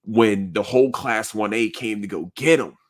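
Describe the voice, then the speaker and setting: Earnest, slangy man with a low voice. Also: moderate pace. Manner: earnest, rambling, heavy slang and swearing. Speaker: podcast host. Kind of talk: casual chat.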